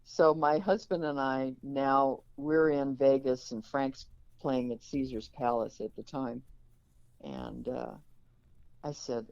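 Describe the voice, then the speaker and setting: A woman's voice: extremely low pitch, slow, clean tone, no room sound. An older woman, a guest in an interview, telling an anecdote and acting out the quoted dialogue. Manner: lively, acts out quoted dialogue. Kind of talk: anecdotal storytelling. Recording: dull, dry lo-fi recording.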